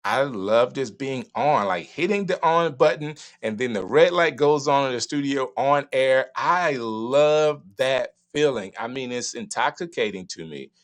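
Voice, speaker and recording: A middle-aged man with a Southern US accent, hosting a live stream from his studio and giving emphatic, animated advice. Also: moderate pace, few pauses. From Southern United States. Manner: animated, emphatic, varying pitch and pace. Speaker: live streaming show host. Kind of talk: casual advice talk to a live audience.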